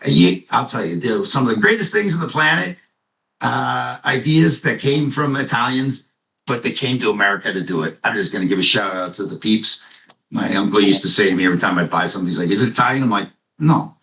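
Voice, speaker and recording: A man giving a casual, jokey business pitch to a group, animated and full of asides. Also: fairly quick, creaky. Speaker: company presenter. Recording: echoey room, mic at a distance.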